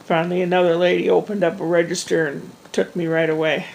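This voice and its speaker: A woman's voice: on the low side, level tone, quick pace, creaky, a little mellow, poor audio. A woman vlogger telling a long, rambling everyday story in a chatty way, with frequent restarts and asides. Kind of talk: casual storytelling monologue.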